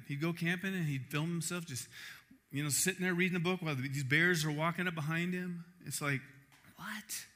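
Bright, emphatic male preacher. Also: mid-range voice. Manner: emphatic, fires rhetorical questions, animated storytelling. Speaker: camp preacher. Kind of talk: sermon.

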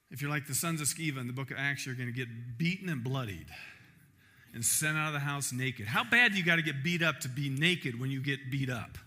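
A middle-aged man preaching a sermon, telling a personal story in an animated way and acting out the crowd. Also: medium pitch.

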